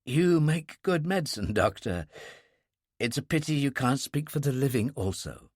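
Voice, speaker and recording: A man voicing a tired, bedridden ship's captain who speaks quietly and drily. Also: mid-range voice, expressive, moderate pace, no echo, clean studio sound, lightly acted. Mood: dry. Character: weary ill male ship's captain.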